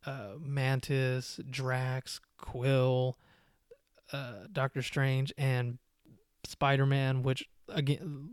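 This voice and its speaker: A man rambles through a casual movie review on his podcast, circling back with ums and half-finished phrases. His voice is smooth and resonant at a middle pitch. It sits close and dry, with no room sound around it. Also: dry recording. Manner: rambling, many fillers and restarts. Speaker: podcast host.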